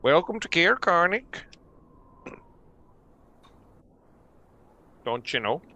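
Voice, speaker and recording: A man's voice: a little high, big pitch swings, normal speed, pushed and bright, lo-fi sound, slight background noise, voice pushed up, full character voice. A man voicing a folksy small-town guard with a Minnesota accent. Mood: welcoming.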